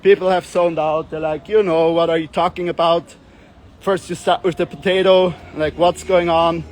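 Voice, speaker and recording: High-voiced man, rambling and joking. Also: level tone, moderate pace, slight background noise. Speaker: self-development coach. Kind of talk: casual monologue with playful voice demonstrations.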